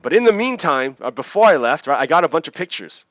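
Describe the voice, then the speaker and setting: A lively man explaining things in a casual vlog, his pitch bouncing up and down as he keeps asking "right?". His voice sits a little high for a man. The recording is dull and dry, with a lo-fi home-mic feel. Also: fast talker, dry recording, faint music behind. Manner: animated, keeps checking in with "right?". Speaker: vlog host.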